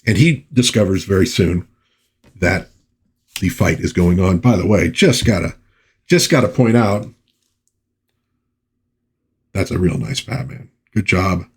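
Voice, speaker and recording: Man, comic book reviewer, casual commentary, low voice, husky, chatty asides. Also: unhurried, long pauses. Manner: chatty asides, reads panel dialogue aloud.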